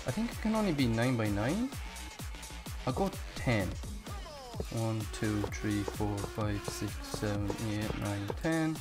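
A young man giving live gameplay commentary, excitable and often swearing as he talks to himself while playing. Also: fairly low pitch, slow, over music. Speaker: gaming channel host.

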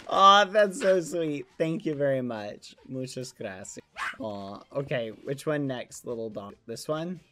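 On a live game stream, a young man with a medium-pitched, very animated voice talks slowly, with a little hiss or hum on the audio. He gushes over gifts, swapping real swears for clean stand-ins, saying "aw" again and again and laughing often.

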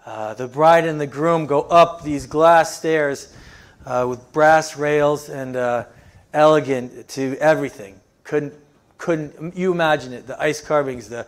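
A man, the pastor, preaching a sermon in a storytelling way, with frequent fillers, moving into a soft, earnest appeal. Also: a little high, measured pace.

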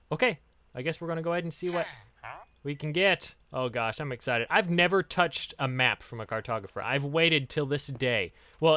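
A man giving excitable, giggly Let's Play commentary while he plays. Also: on the high side. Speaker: gaming channel host.

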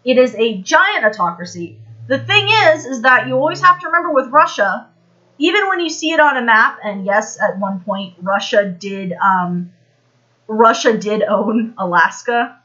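A woman's voice: fairly high pitch, lively intonation, moderate pace, bright, forceful tone, muffled recording. An American woman giving a casual, rambling history lesson on a live stream, full of fillers and restarts. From United States.

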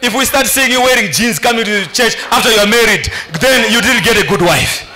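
A man with a South African accent preaching a sermon to a church congregation, often shouting and laughing between lines. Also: very high voice, fairly quick. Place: church hall with an audience.

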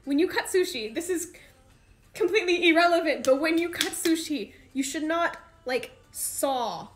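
High-voiced chatty woman streaming to fans. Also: lively intonation, moderate pace, a little hiss or hum. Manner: chatty, rambling, slangy with frequent fillers. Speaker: idol livestream host. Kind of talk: casual livestream chat with fans.

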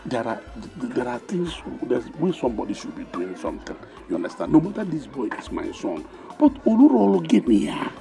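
A man's voice: mid-range voice, huge pitch swings, fairly quick, gravelly, hardly any pauses. Blustering Igbo father, Nigerian Igbo accent, swooping voice over faint film music. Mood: scolding. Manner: scolding, rambling, mixes Igbo and English. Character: bossy blustering Igbo father, middle-aged man.

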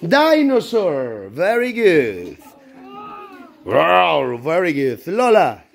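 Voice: mid-range voice, huge pitch swings, drawn-out words, gravelly, slight background noise. A primary school teacher running an animal-word game in a classroom, praising and directing the children. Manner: encouraging, praising each child.

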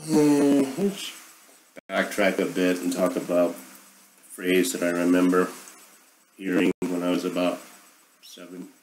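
A man's voice: sits low, steady tone, a little slow, pauses often, darkish tone, slight background noise, poor audio. A middle-aged man hosting a casual monologue, rambling and sarcastic as he airs his opinions. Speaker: podcast host.

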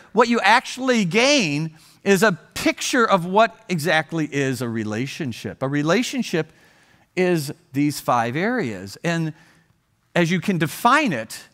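In a church auditorium, a guest speaker in his sixties from Ohio tells a story in a humorous sermon and jokes with the audience on the side. His voice sits high and sounds sharp.

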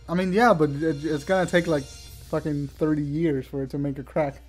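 A man's voice: fairly high pitch, fairly even intonation, moderate pace, darkish tone, faint music behind. A man playing a video game in casual chat, cursing often and teasing his co-host. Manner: swears a lot, teasing and sarcastic. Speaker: let's play player.

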